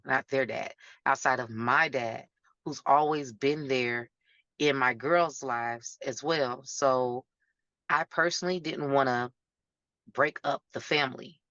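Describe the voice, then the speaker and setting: A woman's voice: extremely low pitch, fairly bright tone, no echo. A woman guest talking candidly and bluntly in an interview. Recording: dull lo-fi sound.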